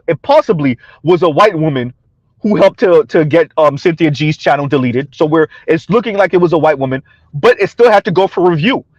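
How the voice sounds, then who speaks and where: A man's voice: high voice, dry recording, highs cut off. A man giving a combative, sarcastic opinion rant to his viewers, repeating his points and laughing between them. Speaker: commentary vlogger.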